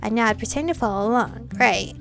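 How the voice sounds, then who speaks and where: A young woman reading a visual novel aloud in an animated, playful way. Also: fairly high pitch, quick pace, vocal fry, soft background music. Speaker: game streamer.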